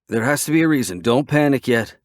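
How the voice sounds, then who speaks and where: A man voicing a brash, excitable male biker who is cocky and crude, in a dry audiobook reading. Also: mid-range voice, a little fast, no echo, pitched above the performer's own voice, close to an everyday voice. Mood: serious.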